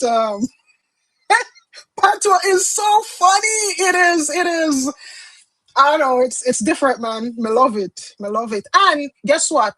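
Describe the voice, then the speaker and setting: A Jamaican woman with a high voice chats easily as a tarot reader, dropping into patois now and then. The sound is dry and close, with no room echo. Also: a bit bright. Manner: chatty, switches into patois phrases, laughs often. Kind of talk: casual livestream chat.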